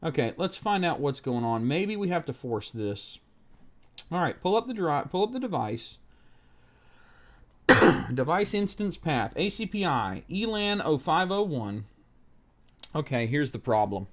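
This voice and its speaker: A man's voice: on the high side, sing-song, measured pace, long pauses. A man live-streaming a laptop repair, swearing at a website in exasperated rants and muttering through technical steps under his breath. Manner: exasperated, profane ranting at the screen. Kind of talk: live-stream tech commentary.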